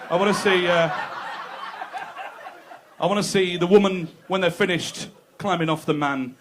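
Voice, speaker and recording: Crude stand-up comic. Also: male voice, high-pitched, moderate pace, pauses often, noisy background. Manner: conversational, crude, teasing the crowd. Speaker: stand-up comedian. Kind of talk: stand-up comedy set. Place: comedy club stage.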